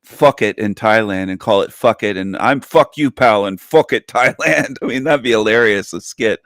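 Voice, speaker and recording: A man's voice: moderate pace, fairly bright tone, no echo, clean studio sound. A man co-hosting a livestream, chatting casually, reading out his chat and laughing a lot. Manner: bursts into high laughter, reads chat aloud. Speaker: livestream co-host.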